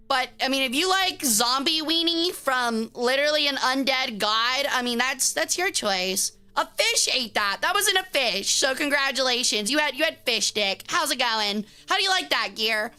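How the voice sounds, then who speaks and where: Woman streamer, high bright voice, playful cursing banter, faint music behind. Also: animated, normal speed, clean tone. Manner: playful, profane banter, teasing chat. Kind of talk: casual live-stream chat with viewers.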